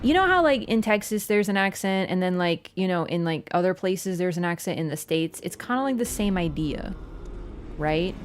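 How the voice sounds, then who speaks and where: A woman's voice: on the low side, expressive, normal speed, a little hiss or hum. A young Canadian woman chatting casually while livestreaming a game, rambling with lots of "like". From Ontario, Canada. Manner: chatty, rambling, full of "like" fillers. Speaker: streamer.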